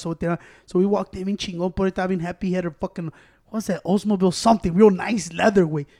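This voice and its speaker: A man's voice: high voice, a little mellow. A man from Chicago with a Mexican-American accent, telling rowdy stories in casual chat, switching between English and Spanish and swearing a lot. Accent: Chicago Mexican-American, mixing Spanish. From Chicago, USA.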